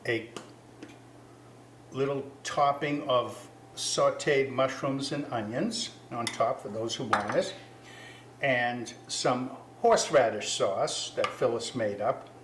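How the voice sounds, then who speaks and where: A man's voice: medium pitch, slow pace, echoey room, noisy background. Chatty man hosting a cooking show. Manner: chatty, self-correcting, apologetic asides. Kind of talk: casual cooking demonstration.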